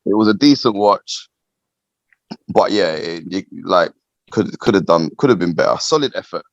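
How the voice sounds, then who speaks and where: A man with a fairly low voice chats casually on a podcast. The sound is dry and close, with a muffled lo-fi tone. He talks in a relaxed, agreeable way. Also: normal speed, no echo. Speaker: podcast co-host. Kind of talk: casual chat. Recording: dry, dull lo-fi podcast audio.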